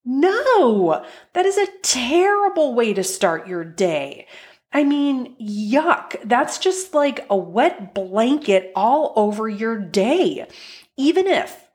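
Woman, life coach, solo podcast, unhurried delivery, chatty and encouraging, acts out quoted complaints. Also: on the high side, sing-song, a little mellow.

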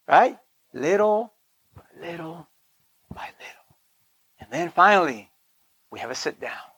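This husky, fairly bright male voice sits on the high side and moves a little slowly and expressively, with long pauses, on a dry, lo-fi recording. He's a preacher giving a casual sermon, whispering his asides, swelling for emphasis, and frequently checking in with listeners.

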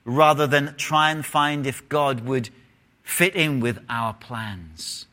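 A man preaching a sermon to a congregation, with dramatic pauses, sudden emphasis and questions put to the listeners. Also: medium pitch, bright, forceful tone. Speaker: pastor.

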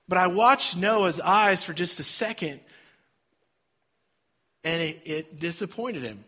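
Middle-aged man preaching with bright tone. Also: sits high, unhurried, pauses often. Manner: swings from quiet storytelling to loud emphatic preaching. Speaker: pastor. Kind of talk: sermon. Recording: slightly dull sound with faint music behind.

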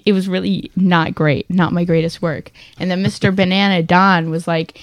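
A woman co-hosting a podcast in casual chat, a lively storyteller who laughs often and acts out the people she quotes. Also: fairly low pitch, moderate pace, few pauses, no echo. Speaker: podcast co-host.

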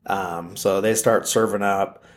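Low-voiced man rambling through a plot recap. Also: fairly even intonation, unhurried. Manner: rambling, full of "like" and "uh" fillers. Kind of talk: casual plot retelling.

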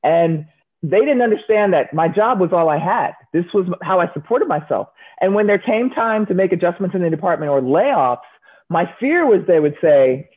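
A former Olympic shot putter, a woman with a husky, lowish voice, answers interview questions at a moderate pace by telling stories. She's an animated storyteller who acts out the voices of the people she quotes. The sound is narrow and phone-like.

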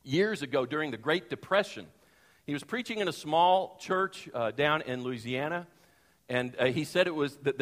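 A man's voice: on the high side, fairly bright tone. A man preaching a sermon in a conversational, emphatic way, asking the congregation questions. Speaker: pastor. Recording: long reverb of a large hall.

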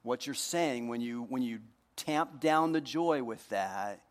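A man preaching a sermon to his congregation, joking with them and moving between hushed earnest moments and loud, playful ones. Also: medium pitch, expressive, takes it slowly, big-room sound. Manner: jokey, talks directly to the congregation. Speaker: pastor. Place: church hall.

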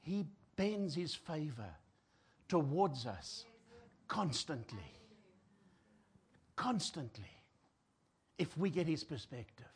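A South African man preaching a sermon. He swings between loud, emphatic lines and hushed, near-whispered ones, and acts out the voices of people in despair. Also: fairly high pitch, big pitch swings, measured pace, husky.

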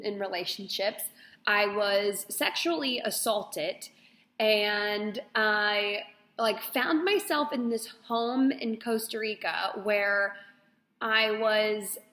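A young woman telling a personal story on her podcast, rambling and expressive with lots of fillers. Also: a little high. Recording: echoey room with long reverb.

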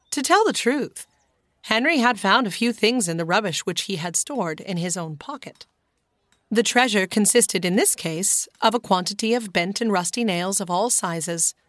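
A woman's voice: mid-range voice, fairly bright tone, no room sound, studio quality. Woman reading a children's storybook. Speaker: audiobook narrator. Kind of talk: scripted storybook narration.

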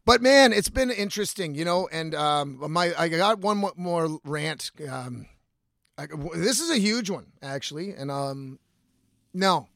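A man with a gravelly, somewhat high voice hosts a casual solo podcast. He rambles and swears and keeps restarting his sentences. The sound is close and dry. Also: lively intonation, measured pace, fairly bright tone, no echo. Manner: rambling and profane, with many trailing restarts. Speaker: podcast host.

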